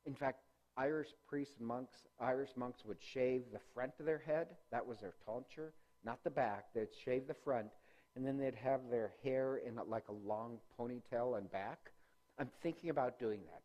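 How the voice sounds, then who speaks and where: A man's voice: mid-range voice, moderate pace, warm tone. Man giving a rambling church-history talk. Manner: rambling, many ums and self-corrections; conversational with jokes. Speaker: parish religious-education teacher. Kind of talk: informal lecture with slides.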